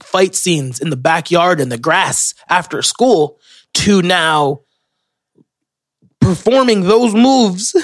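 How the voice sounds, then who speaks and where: A young man hosts his podcast alone, drifting through stories with swearing and restarts. He speaks slowly and a little high. His voice sits close and dry on the mic. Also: fairly bright tone, dry recording. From Florida. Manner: rambling, profane, self-interrupting storyteller. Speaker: podcast host. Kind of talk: casual solo podcast monologue.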